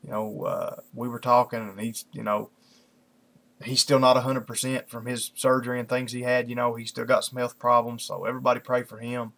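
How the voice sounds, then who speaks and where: A man with a gravelly, mid-pitched voice chats casually at his computer before a Bible reading. He rambles and leans on fillers like "you know" and "kinda". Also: flat delivery, fairly quick, a bit bright. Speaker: lay preacher hosting an online Bible study. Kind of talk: casual chat then scripture reading.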